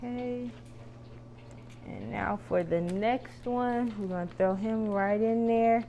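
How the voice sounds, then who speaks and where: Frying and sampling dishes, a cooking vlog host talks chattily to her viewers in a slightly high, warm voice with vocal fry. She speaks slowly with fairly even intonation, and a little hiss or hum sits in the audio.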